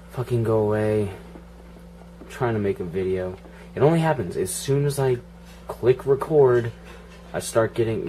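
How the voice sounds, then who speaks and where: A man's voice: on the low side, dark tone, slight background noise. A man giving casual, profane running commentary while playing a video game, grumbling and joking at it. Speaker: gaming channel host.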